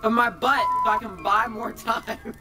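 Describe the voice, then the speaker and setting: Rambling, excitable young man vlogging. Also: very high-pitched, measured pace, loud music behind the voice. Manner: rambling, excitable, swears casually. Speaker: video creator. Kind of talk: casual vlog chat.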